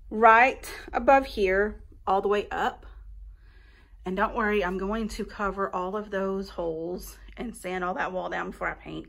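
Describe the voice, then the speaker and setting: A woman's voice: medium pitch, creaky, a bit bright. A young woman, chatting casually to camera at home about her makeover plans. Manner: chatty and folksy, addresses viewers as y'all.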